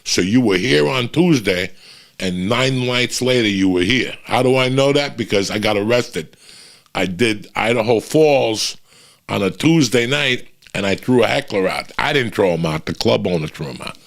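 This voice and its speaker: A middle-aged man, a comedian, telling profane, animated road stories in a casual chat. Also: lowish voice, moderate pace, gravelly. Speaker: comedian guest. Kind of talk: storytelling chat.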